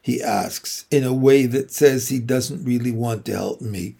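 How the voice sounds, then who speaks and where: Slow, steady man reading a novel. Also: medium pitch, vocal fry, slightly rough. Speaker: reader. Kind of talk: reading a children's novel aloud.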